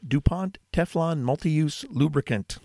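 A man co-hosting a podcast, chatting casually and telling a lively story, with sudden bursts of animation. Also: measured pace, gravelly. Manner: animated storyteller, mimics squeaks in a high voice. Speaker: podcast co-host. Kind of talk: casual chat.

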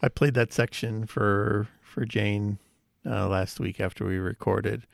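A man's voice: fairly low pitch, fairly even intonation, a little slow, vocal fry, no echo. A middle-aged man co-hosting a podcast, chatting casually with dry, wry humor. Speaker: podcast co-host. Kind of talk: casual chat.

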